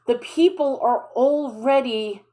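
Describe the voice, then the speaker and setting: A woman's voice: sits high, takes it slowly, mellow. A woman reading scripture aloud and discussing it in a questioning, informal, think-aloud way. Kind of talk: casual bible reading and commentary.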